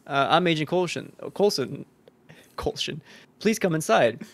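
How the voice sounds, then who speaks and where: Man, podcast co-host, gravelly, creaky, laid-back, joking, casual chat. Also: fairly high pitch, lively intonation, measured pace, no room sound. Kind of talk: casual chat, reading a quiz aloud.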